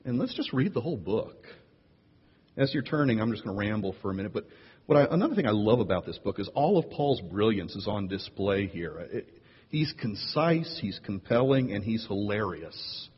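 A man preaching a sermon as pastor, playful and animated, jumping up in pitch to tease and draw in his listeners. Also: moderate pace, slightly rough. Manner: playful, animated storyteller with big jumps in pitch. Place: church sanctuary. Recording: lo-fi echoey hall recording.

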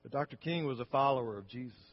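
A man's voice: medium pitch, fast, dull audio. A man pastor preaching a sermon, telling a story earnestly and often restarting his phrases.

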